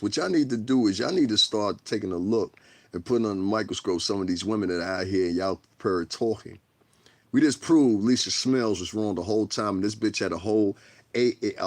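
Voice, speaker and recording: A man's voice: lowish voice, dry recording. A man giving a blunt, profane livestream rant, heated and rambling, repeating himself as he goes. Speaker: livestreamer and commentator.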